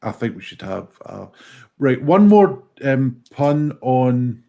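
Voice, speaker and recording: A British man hosting a comedy pun show over a video call, briskly moving the rounds along. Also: mid-range voice, big pitch swings, vocal fry, mellow. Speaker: host.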